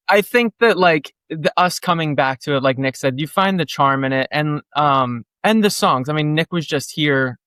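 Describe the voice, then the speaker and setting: A man's voice: a little high, lively intonation, moderate pace, few pauses, fairly bright tone, no echo. A man in his thirties from New Jersey, a guest musician chatting casually in an interview, rambling with lots of "like" and acting out quotes. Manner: rambling, heavy "like" fillers, acts out quotes.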